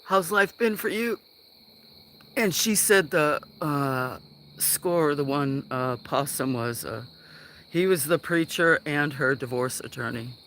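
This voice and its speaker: Bright-voiced man rambling on a livestream. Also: a little high, slow pace, a little hiss or hum. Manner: rambling, meandering with many fillers. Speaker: livestream host. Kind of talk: casual livestream chat. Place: farm outdoors.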